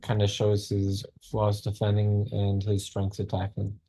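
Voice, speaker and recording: A man on a football chat panel who gives his opinions hesitantly, full of pauses and restarts. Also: lowish voice, monotone, mellow, faint music behind. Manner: hesitant, many fillers and restarts.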